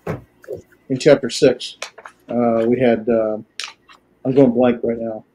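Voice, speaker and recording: A man teaching a language class, lecturing in a halting way with many filler pauses. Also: medium pitch, little pitch movement, warm tone, slight background noise. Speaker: Greek teacher.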